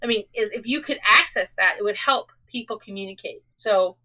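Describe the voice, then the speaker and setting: Emphatic, bright-voiced woman co-host. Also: medium pitch, brisk. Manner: emphatic, agreeing. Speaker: podcast co-host. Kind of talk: casual podcast chat.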